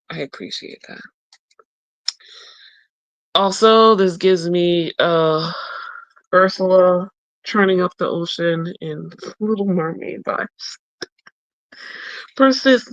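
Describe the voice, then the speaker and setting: A woman talks slowly and unhurriedly into a close microphone, in a dry room with no echo. She reads each card's short blessing aloud. Then she thinks aloud about the picture, trailing off and starting again. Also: on the low side. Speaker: tarot and oracle deck reviewer. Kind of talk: casual deck walkthrough. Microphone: close mic.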